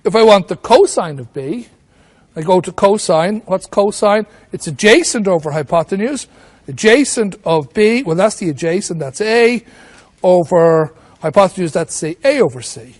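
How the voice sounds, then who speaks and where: A man with a high-pitched, slightly mellow voice and lively intonation speaks at a normal speed. He's teaching maths at a whiteboard, working through each step and posing rhetorical questions to himself along the way.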